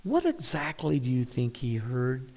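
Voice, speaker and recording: A man leads a devotional Bible reflection at an unhurried, deliberate pace. His voice sits in a middle register and carries a long, lingering reverb. He is thoughtful and now and then hushes to a whisper to stress a word. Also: medium pitch, wildly swooping pitch. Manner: reflective, drops to a whisper on key words. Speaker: Bible teacher.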